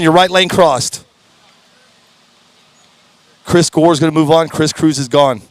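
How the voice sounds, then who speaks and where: A man calls drag races at a track in an upbeat, folksy way, now and then tripping over names. His voice sits a bit high and sounds strained, with a throat-clear here and there. The sound is dry and close. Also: measured pace, long pauses, no echo. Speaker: race announcer. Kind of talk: live drag racing commentary. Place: at a racetrack.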